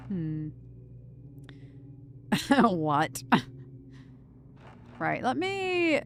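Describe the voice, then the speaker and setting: A young woman from Northern England with a muted Northern accent, chatting casually while streaming a game, thinking aloud and laughing often. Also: lowish voice. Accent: muted Northern English. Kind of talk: casual livestream gameplay chat. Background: game music.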